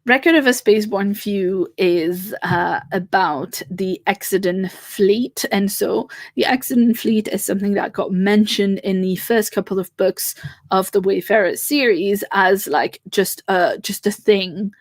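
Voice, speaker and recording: A woman's voice: mid-range voice, a little slow, no echo. French-accented woman rambling on a home livestream, lots of ums, dry close sound. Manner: chatty and rambling, many fillers and restarts. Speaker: livestream host. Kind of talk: casual chat.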